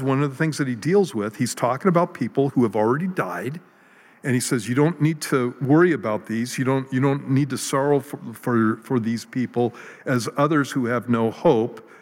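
A man preaching a sermon in a relaxed, conversational way, with self-deprecating jokes and many ums and restarts. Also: mid-range voice. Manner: conversational, jokey, with fillers and restarts. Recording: long hall reverb.

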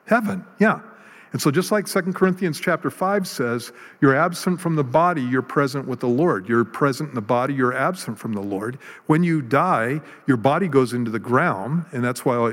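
Guy preaching a sermon, casual and jokey, lots of ums, big echoey hall. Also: mid-range voice. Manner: conversational, jokey, with fillers and restarts. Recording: long hall reverb.

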